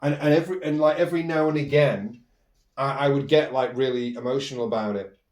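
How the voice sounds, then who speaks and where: A man's voice: mid-range voice, fairly quick, darkish tone, recorded from a distance. Man rambling through a story, roomy echo. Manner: rambling, with many restarts and fillers. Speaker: podcast host. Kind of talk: personal storytelling monologue.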